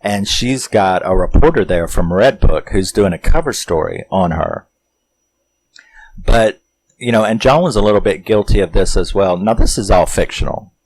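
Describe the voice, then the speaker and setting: A man with a low, deep voice and a drawl talks through a movie he loves. He rambles, retells its scenes with plenty of fillers, and acts out the characters' lines. The tone is a loose, casual film recap. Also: normal speed, dry recording, low-quality recording. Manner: rambling, animated retelling with acted-out quotes and chuckles. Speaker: movie review host.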